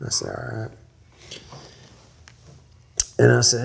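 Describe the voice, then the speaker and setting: A man's voice: on the low side, steady tone, moderate pace, a little mellow. A man from Texas, a guest in an interview, telling a long story in a folksy, rambling way with small laughs.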